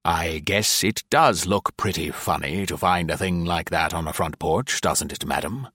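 A man doing a gruff, heavy-set stranger. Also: sits low, unhurried, sharp tone, dry recording, clean studio sound, full character voice. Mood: wry. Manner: gruff, wry, chuckling.

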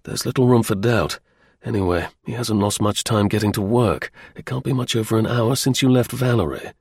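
A man voicing an excitable young man who fires off quick, jerky questions, with a husky voice. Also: fairly low pitch, dry recording, clean studio sound. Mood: earnest.

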